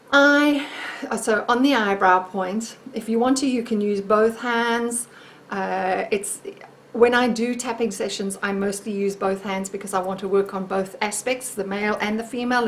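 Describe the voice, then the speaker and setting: A woman wellness coach leading a guided self-help tapping exercise in a gentle, encouraging, chatty way, talking to the camera. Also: on the high side.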